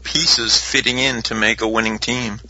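A man's voice: fairly low pitch, steady tone, moderate pace, highs cut off, noisy background. A man co-hosting a podcast in casual chat, answering with dry, sarcastic one-liners. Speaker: podcast co-host.

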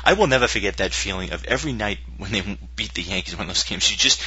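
Jokey man with a bright edgy voice. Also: on the low side, very fast, husky, no room sound, lo-fi sound. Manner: jokey, animated, slips into silly voices. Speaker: podcast co-host. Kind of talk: casual sports chat.

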